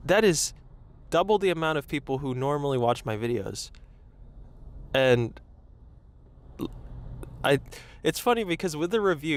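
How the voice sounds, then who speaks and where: Rambling self-conscious young man driving. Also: medium pitch. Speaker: podcast host. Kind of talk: casual solo chat while driving. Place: in a car in traffic. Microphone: lapel mic. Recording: faint road noise.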